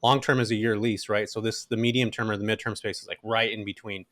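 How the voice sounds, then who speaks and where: A middle-aged man telling his story as an interview guest, animated and casual, with frequent fillers. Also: on the low side, fast, no echo, clean studio sound. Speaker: guest, rental investor.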